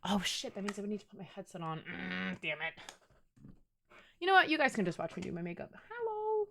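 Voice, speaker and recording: A woman's voice: lowish voice, sing-song, fast talker, gravelly, a bit bright, a little hiss or hum. A young woman streaming from home, chatting playfully with her viewers and swearing casually. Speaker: game streamer. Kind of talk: casual live-stream chat.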